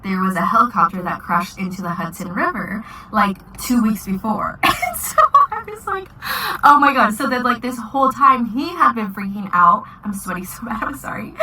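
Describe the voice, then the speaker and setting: Young woman, twenties, casual storytime vlog, bright tone, faint background hiss. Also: mid-range voice, far from the mic, low-quality recording. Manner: chatty, many "like" fillers, giggly. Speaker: vlogger.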